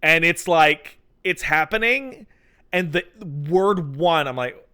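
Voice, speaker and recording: A man's voice: a little high, slow pace, clear, resonant tone. A young man co-hosting a casual gaming podcast, telling stories with mock-exasperated asides and plenty of swearing. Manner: animated storyteller, acts out mock-exasperated quotes, swears freely. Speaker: podcast co-host. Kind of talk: casual podcast chat about video games.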